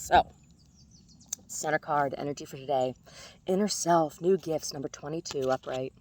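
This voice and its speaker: A woman's voice: deep voice, moderate pace, long pauses, a little mellow, a little hiss or hum. A woman vlogger chatting casually outdoors among the trees, rambling and self-deprecating, laughing at her own jokes. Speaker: vlogger doing tarot card readings.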